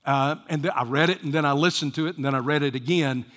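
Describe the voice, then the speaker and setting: A man preaching a sermon as pastor, rising to fervent emphasis and dropping to hushed near-whispers. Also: on the high side, fast, long reverb tail.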